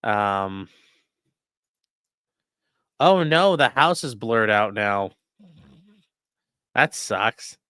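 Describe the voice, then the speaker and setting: A male host giving livestream commentary in an animated, sarcastic way, reacting to clips and reading chat aloud. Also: fairly low pitch, extremely slow, pauses often, clear, resonant tone, no room sound, studio quality.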